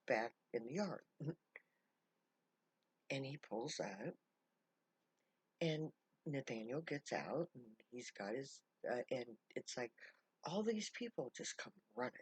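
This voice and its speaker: Husky-voiced woman telling a story. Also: deep voice, dry recording. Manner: laughs often while telling. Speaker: camp leader. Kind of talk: casual storytelling.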